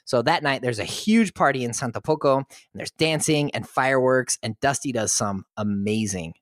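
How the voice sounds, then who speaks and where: A man's voice: mid-range voice, moderate pace, no room sound, studio quality. A man co-hosting a podcast who casually retells a movie plot and often chuckles as he goes. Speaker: podcast co-host. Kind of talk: casual film recap.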